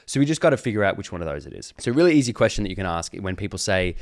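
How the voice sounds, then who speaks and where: A man's voice: sits low, very animated, racing, no room sound, clean studio sound. A young man, a fitness business coach, giving a casual sales lesson to camera, swearing and filling his speech with "like". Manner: casual, swears, lots of fillers like "like". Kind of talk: casual instructional talk to camera.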